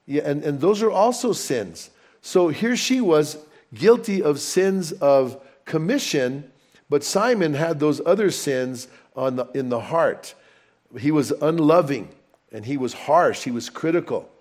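Chatty man preaching with a fairly high voice. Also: measured pace. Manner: conversational storytelling, animated asides. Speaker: pastor. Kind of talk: sermon.

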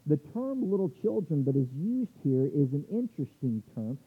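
A man's voice: on the high side, very animated, moderate pace, breathy edge. A male pastor preaching a sermon, reading scripture verses aloud and stumbling over restarts as he explains. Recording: tinny phone-like sound.

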